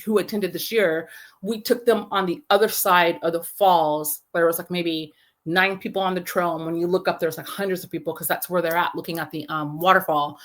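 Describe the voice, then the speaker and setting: A woman's voice: on the low side, fairly quick. Chatty woman telling a rambling story. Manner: animated, rambling, full of fillers. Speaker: film festival founder, guest. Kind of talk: casual interview storytelling.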